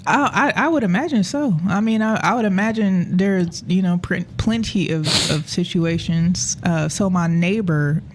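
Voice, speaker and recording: A woman with a low voice hosts a radio talk show, speaking in a halting way full of fillers. A faint noise sits behind her. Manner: soft-spoken, hesitant with fillers, affirming listener. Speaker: host.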